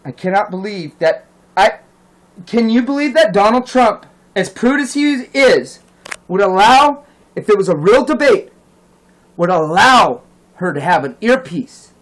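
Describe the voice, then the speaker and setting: A man's voice: sits high, animated, a little slow, low-quality recording. A man delivering a heated, profane rant as a vlogger, indignant and insistent. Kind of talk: angry ranting monologue.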